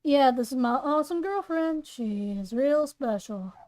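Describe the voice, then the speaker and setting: A woman voicing a laid-back teen boy who talks in a slow, low-key drawl. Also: lively intonation, a little mellow.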